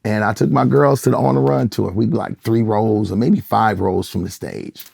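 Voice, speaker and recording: Gravelly-voiced man telling stories. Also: fairly low pitch, moderate pace, no echo. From Michigan. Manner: animated storyteller, acts out quoted voices. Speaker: gospel singer and pastor. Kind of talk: casual interview storytelling.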